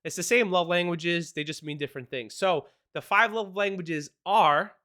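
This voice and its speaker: A male podcast host giving casual marriage advice, talking fast and excitedly and laughing often. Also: high voice.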